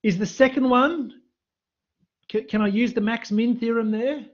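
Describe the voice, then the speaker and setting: A man's voice: very high-pitched, fairly even intonation, measured pace, highs cut off. A man teaching a live-streamed maths revision lesson, quizzing students in the chat. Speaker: university maths lecturer. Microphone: computer mic on a live stream.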